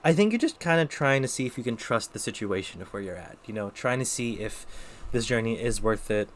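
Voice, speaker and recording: A man's voice: mid-range voice, lively intonation, fairly quick, a little hiss or hum. A man streaming live, giving casual tarot readings and chatting with viewers, thinking aloud with lots of fillers. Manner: talks to chat between readings.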